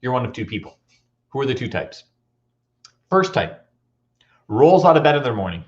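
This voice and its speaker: A man's voice: medium pitch, normal speed. A man giving a motivational talk at a school assembly, telling stories and quizzing the audience. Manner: animated, storytelling, audience questions. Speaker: motivational speaker. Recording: dull lo-fi recording.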